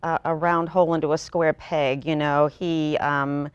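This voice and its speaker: A woman with a notably low voice talks at length in a studio interview, her explanations running on from one thought into the next. The sound is close and dry, with no room echo. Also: level tone, measured pace, clean tone, dull audio. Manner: talkative, long run-on explanations. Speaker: theater company member promoting a play. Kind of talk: local TV interview.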